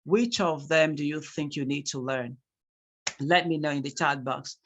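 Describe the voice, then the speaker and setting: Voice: medium pitch, normal speed, fairly bright tone, slight background noise. A speaking tutor with a Nigerian accent teaching a live online class, reading out replies from the chat and repeating key points for emphasis.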